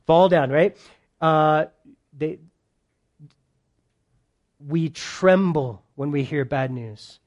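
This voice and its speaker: High-voiced male preacher, animated and playful, leading a verse-by-verse sermon before a live congregation. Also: very slow, pauses often, highs cut off. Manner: animated, joking with the congregation, swings between loud and soft. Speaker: pastor. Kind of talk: sermon, verse-by-verse Bible teaching.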